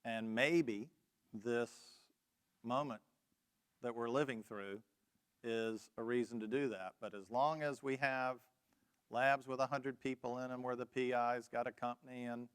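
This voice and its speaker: A man's voice: mid-range voice, fairly even intonation, measured pace, smooth. A man on a panel discussion, speaking directly and plainly.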